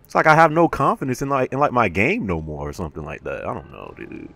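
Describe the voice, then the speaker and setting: A man commentating his own gameplay, casual and slangy, swinging from low self-critical muttering to sudden yells. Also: very animated, quick pace, creaky. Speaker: gamer.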